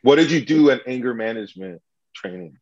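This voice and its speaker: A man's voice: medium pitch, expressive, fairly quick, a little mellow, lo-fi sound. A man hosting a podcast game, playful and teasing as he talks. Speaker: podcast host running a game. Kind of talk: casual chat.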